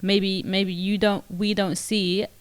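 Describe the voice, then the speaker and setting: A woman's voice: mid-range voice, level tone, slow pace, no room sound. A young woman, co-hosting a casual podcast and thinking aloud with many restarts. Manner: thoughtful, hesitant, many restarts. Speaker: podcast co-host. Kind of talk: casual chat.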